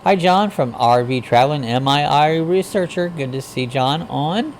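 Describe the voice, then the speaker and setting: Gravelly folksy man hosting a livestream. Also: fairly high pitch, expressive, moderate pace, slight background noise. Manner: folksy, greets viewers with howdy; rambling, frequent uh fillers. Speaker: livestream host. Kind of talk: casual chat, reading viewer comments.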